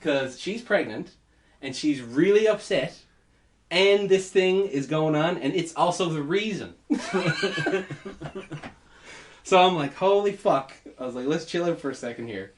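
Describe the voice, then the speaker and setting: A man telling a story in casual podcast chat, animated, laughing and swearing as he goes. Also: on the high side, measured pace, background noise. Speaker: podcast host.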